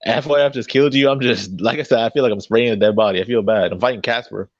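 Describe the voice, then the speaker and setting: A man's voice: mid-range voice, quick pace, dry recording, lo-fi sound. A man on a heated online debate panel, mocking his opponent with slang and frequent laughs.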